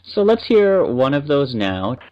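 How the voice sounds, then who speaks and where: A man's voice: medium pitch, big pitch swings, a little slow, slight background noise. A male podcast co-host with a mid-range voice who chats and explains at length. The audio sounds slightly muffled. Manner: chatty and explanatory. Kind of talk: casual podcast chat.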